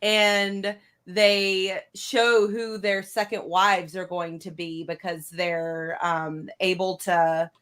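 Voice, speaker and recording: A woman's voice: on the low side, level tone, slow, few pauses, fairly bright tone, clean tone. A woman co-hosting a casual podcast chat, giggling often. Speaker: podcast co-host.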